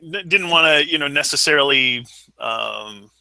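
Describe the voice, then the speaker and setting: A man with a fairly high, very bright voice chats casually on a podcast. He tells his story in a halting, rambling way and keeps restarting his sentences. The sound is dry and close. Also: expressive, creaky, no echo, poor audio. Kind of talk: casual chat.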